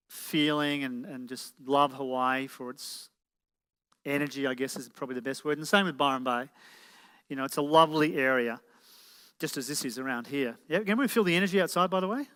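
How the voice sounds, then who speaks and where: Here a man with a voice on the high side sounds sharp, clear and resonant. As a motivational speaker in an event hall, he presents live and bombards the audience with rhetorical questions, captured with reverberant hall sound.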